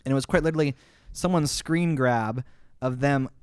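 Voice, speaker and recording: A man co-hosting a podcast in casual chat, telling stories in an excitable, animated way. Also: medium pitch, smooth, no room sound, clean studio sound. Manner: excitable storyteller, quick to get animated. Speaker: podcast co-host.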